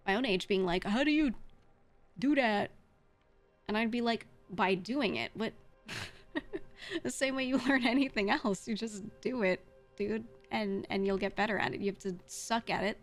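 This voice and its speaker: A woman streamer chatting casually with her chat, giving blunt, frank advice with some swearing. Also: on the high side. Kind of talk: casual livestream chat, answering chat.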